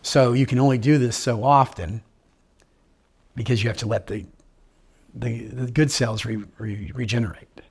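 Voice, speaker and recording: A man speaks in an interview about his own life, his voice husky and mid-pitched. He stays upbeat and jokes as he goes, acting out the lines of the people he talks about. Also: fairly even intonation, moderate pace, long pauses, darkish tone. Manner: upbeat, joking, quotes others in dialogue. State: living with terminal illness. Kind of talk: personal storytelling.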